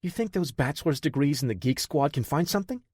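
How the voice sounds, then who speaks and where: A man voicing a cocky young male hacker who wisecracks quickly. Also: fairly high pitch, animated, a little mellow, breathy edge, dry recording, studio quality, pitched above the performer's own voice. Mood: joking.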